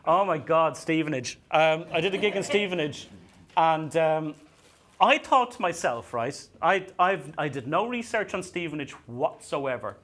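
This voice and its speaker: An Irish man doing a stand-up comedy set, telling self-mocking stories in a halting way and often repeating his words as he restarts. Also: fairly high pitch, lively intonation, fairly bright tone. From Ireland. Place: comedy venue stage.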